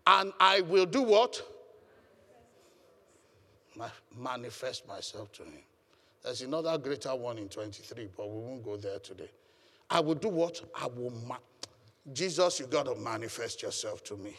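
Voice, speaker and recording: Lively preaching man in a reverberant hall. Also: mid-range voice, vocal fry. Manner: emphatic preaching, calls for congregation responses. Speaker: pastor. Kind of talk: sermon. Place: church hall.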